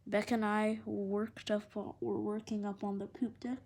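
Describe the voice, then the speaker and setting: Woman, reading aloud, children's novel, expressive, mid pitch. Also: a little slow, husky. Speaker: storyteller.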